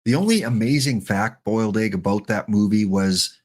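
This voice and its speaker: A middle-aged man giving chatty, joking live-stream commentary while playing a baseball sim, excited and wired on coffee. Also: fairly low pitch, normal speed. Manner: chatty, joking, talks to chat bots.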